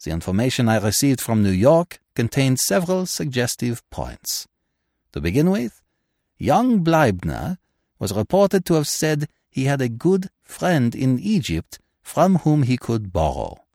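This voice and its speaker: A man voicing a calm middle-aged male detective in an audiobook reading, gentle, measured and grave. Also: medium pitch, no echo, studio quality. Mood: placid, explaining.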